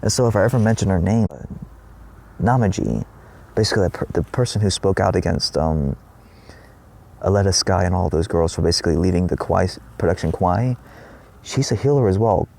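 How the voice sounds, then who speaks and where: A man's voice: deep voice, expressive, a little fast, vocal fry, pauses often, a little mellow. A man giving a rambling spiritual monologue in his trailer, swearing often and acting out his own past cries. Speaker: spiritual vlogger.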